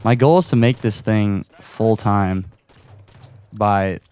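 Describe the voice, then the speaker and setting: A man's voice: fairly low pitch, takes it slowly, darkish tone, clean tone. Rambling young man podcasting while gaming. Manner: rambling, self-deprecating, laughs often. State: out of breath. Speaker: podcast host. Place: his room at home. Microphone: audio recorder.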